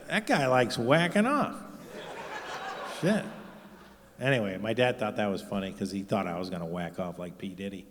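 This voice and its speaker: Guy doing crude rambling standup, middle pitch, says you know a lot, big reverby live hall. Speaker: stand-up comedian. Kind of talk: stand-up comedy set. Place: live stage show in a large venue. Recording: long-reverb live venue recording. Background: audience laughter.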